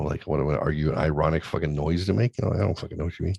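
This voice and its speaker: A middle-aged man hosting a crude, casual chat show, loud and laughing, often putting on high voices to mimic his kids. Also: steady tone, racing, gravelly, few pauses, slightly rough, no echo. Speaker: podcast host.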